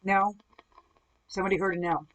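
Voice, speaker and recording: A woman's voice: mid-range voice, fairly even intonation, a little fast, poor audio. A woman running a live-stream ghost hunt, asking spirits questions through a spirit box and answering viewer comments. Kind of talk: live-stream paranormal session. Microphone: device-heavy setup with a spirit box.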